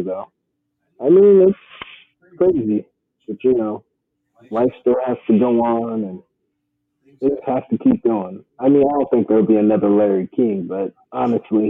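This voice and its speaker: Man, casual chat host, rambling, husky voice, tinny lo-fi line. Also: on the low side, no echo. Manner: laid-back, rambling with fillers. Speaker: podcast host. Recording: tinny phone-like dry audio.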